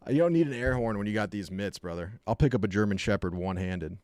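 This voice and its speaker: A man chatting casually on a live stream, telling rambling, jokey stories and dropping into quick put-on voices. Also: lowish voice, a little mellow, clean tone, dry recording.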